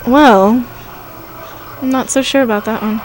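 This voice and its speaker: A young woman in a casual group chat, answering quickly and laughing. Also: fairly high pitch, fairly even intonation, rough recording.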